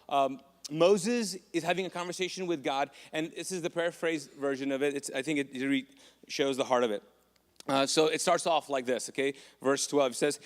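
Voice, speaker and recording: A man's voice: on the high side, big-room sound. A man preaching a sermon as a pastor, casual and joking with lots of asides. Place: church auditorium.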